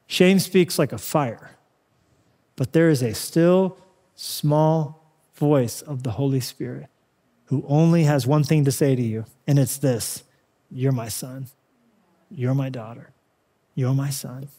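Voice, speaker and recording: A male pastor preaching a sermon, swinging between loud urging and hushed, tender passages. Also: a little high, big-room sound.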